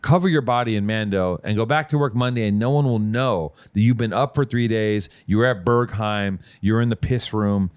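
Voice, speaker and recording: A man's voice: lowish voice, a little fast, few pauses, clear, resonant tone, no echo. A man hosting a podcast, reading ads in a brash, profane, joking riff. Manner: brash and profane, riffing jokes. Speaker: podcast host. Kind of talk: casual podcast ad read.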